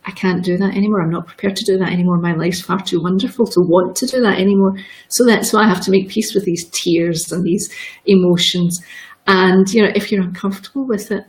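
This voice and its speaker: A woman's voice: medium pitch, steady tone, fairly quick, darkish tone, poor audio. A middle-aged woman telling personal stories in an open, emotional way, often repeating words. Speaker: guest. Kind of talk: candid personal storytelling.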